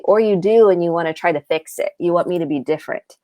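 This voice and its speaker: A woman's voice: lowish voice, fast talker, mellow, no room sound. A middle-aged American woman from the Midwest, a therapist giving earnest advice and acting out example lines. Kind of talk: advice talk on a live show.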